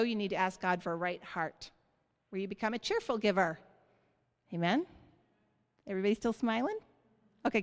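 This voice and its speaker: A woman pastor delivering a sermon in a church, preaching with animated, rising emphasis. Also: on the high side. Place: church sanctuary. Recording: hall reverb.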